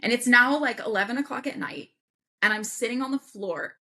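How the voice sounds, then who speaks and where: A woman guest on a podcast, telling a personal story in an animated way and acting out the voices of people she quotes. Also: a little high, brisk. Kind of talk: casual storytelling interview.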